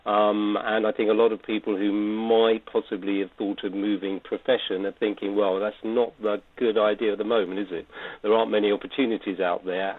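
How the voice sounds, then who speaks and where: Low-voiced man on a tinny phone line. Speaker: chief executive of an academy trust, guest. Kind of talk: phone interview.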